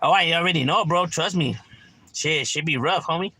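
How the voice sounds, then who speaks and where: A man's voice: fairly high pitch, normal speed, sharp tone, husky. A man, chatting casually and profanely on a livestream from home, peppering his talk with "right?". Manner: laid-back, slangy, profane, keeps asking "right?". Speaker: livestreamer reading chat.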